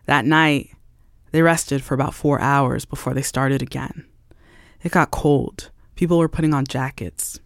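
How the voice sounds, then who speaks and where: A man narrating a radio story from a script in a measured, scene-setting way. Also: mid-range voice, fairly even intonation, vocal fry, no echo, clean studio sound. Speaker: show narrator.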